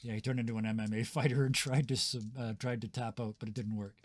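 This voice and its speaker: A man running a tabletop game as game master, describing scenes in a relaxed, chuckling way with many fillers. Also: medium pitch, fast talker. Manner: laid-back, chuckling, filler-heavy.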